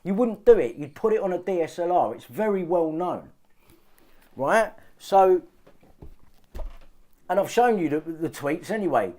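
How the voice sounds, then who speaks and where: A man's voice: sits high, very animated, unhurried, long pauses, warm tone. A man ranting to his viewers, agitated and swearing often, repeating himself to drive points home. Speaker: vlogger. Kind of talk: ranting monologue to camera.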